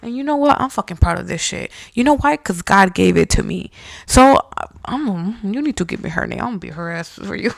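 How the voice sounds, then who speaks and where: A young woman a gravelly, creaky voice, hosting a casual podcast. She reads listener stories aloud and reacts bluntly, swearing freely. The sound is dry and close, no room echo. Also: medium pitch, lively intonation, fairly quick. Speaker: podcast host.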